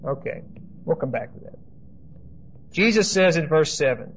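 Guy preaching verse by verse, kinda high voice, keeps saying okay?, dull old recording. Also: animated, normal speed, vocal fry, pauses often, husky. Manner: conversational teaching, frequent "okay?" checks, asides to congregation. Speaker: pastor. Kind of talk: expository Bible teaching. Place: church service.

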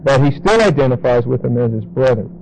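A man teaching a Bible study to a congregation, explaining word meanings and repeating key words slowly for emphasis. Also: medium pitch, expressive, creaky, a little mellow, a little hiss or hum, rough recording.

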